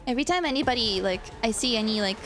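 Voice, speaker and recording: A woman's voice: fairly high pitch, lively intonation, fast, a bit bright, faint music behind. A woman streamer chatting casually while playing a game, giggling often and reading messages from her chat, with a hiccup now and then. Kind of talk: casual gameplay commentary.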